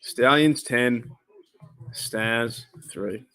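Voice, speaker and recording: A man with an Australian accent hosting a casual live-stream reaction to a football game, rambling between excitable play-by-play calls. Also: mid-range voice, drawn-out words, clear, resonant tone.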